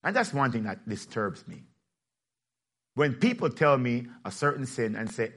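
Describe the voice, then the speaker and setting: A man preaching a sermon in a lively, plainspoken way, joking with his congregation and rising to shouts. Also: mid-range voice, moderate pace, breathy edge. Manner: plainspoken, casual phrasing. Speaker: pastor.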